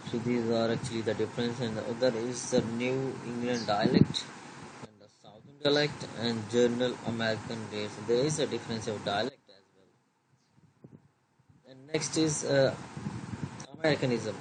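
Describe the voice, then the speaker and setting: A man delivers a recorded slide lecture, reading haltingly with plenty of fillers and slipping into Hindi to explain things. His voice sits on the low side, and the recording is very noisy.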